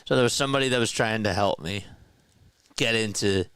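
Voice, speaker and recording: A man's voice: on the low side, a little fast, fairly bright tone, clear, resonant tone, no echo. A young man giving casual live baseball play-by-play, chatting and laughing with viewers. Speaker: play-by-play streamer. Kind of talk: live baseball commentary and chat.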